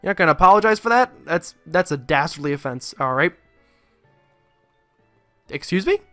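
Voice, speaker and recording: A man's voice: a little high, animated, normal speed, fairly bright tone, no echo, soft background music. A man doing casual let's play commentary, rambling with jokes and profane asides into a close mic.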